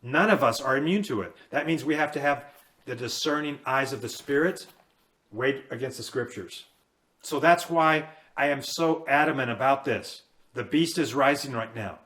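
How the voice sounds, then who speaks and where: A man in his fifties delivers an impassioned end-times sermon, pressing each point with repetition and rising fervor. His voice sits at an ordinary middle pitch, and he hammers his warnings home. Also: normal speed, a bit bright. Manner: fiery, emphatic, repetitive. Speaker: preacher.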